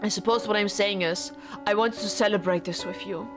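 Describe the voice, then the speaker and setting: A woman's voice: medium pitch, fairly even intonation, a little fast, close to an everyday voice. A woman reading the lines of a lovesick, formal young husband from a visual novel, earnest and pleading, with game music behind her. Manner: formal, pleading dialogue read aloud.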